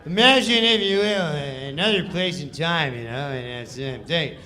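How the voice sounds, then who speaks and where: A man's voice: on the high side, normal speed, pushed and bright. A man imitating a laid-back male comedian who mumbles and rambles through his lines. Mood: lazy.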